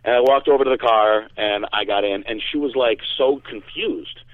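A man from Connecticut telling stories in a casual, animated way, with many fillers and some swearing. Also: fairly low pitch, moderate pace, no echo. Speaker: guest storyteller. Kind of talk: casual storytelling. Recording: tinny phone-like line.

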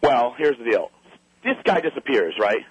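A man's voice: mid-range voice, sing-song, normal speed, slightly rough, dry recording, lo-fi sound. A man in a casual chat, telling a long story as a guest and animatedly acting out what other people said.

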